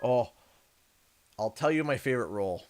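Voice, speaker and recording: A young man, hosting a gaming livestream and chatting with viewers in a jokey, animated way. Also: mid-range voice, moderate pace. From Canada. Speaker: livestream host. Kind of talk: casual gaming livestream chat. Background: game music.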